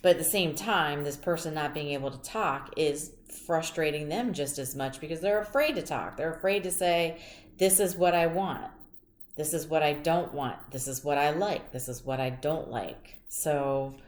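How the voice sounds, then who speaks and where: A woman's voice: deep voice, normal speed, reverberant. A woman giving a tarot reading, talking in a chatty, rambling way and telling personal stories. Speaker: tarot reader. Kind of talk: casual tarot reading monologue.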